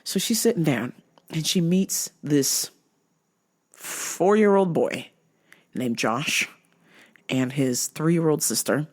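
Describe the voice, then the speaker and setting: A woman's voice: low-pitched, slow, pauses often. A woman hosting a comedy podcast, telling a story with profane, exaggerated delivery. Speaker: podcast host.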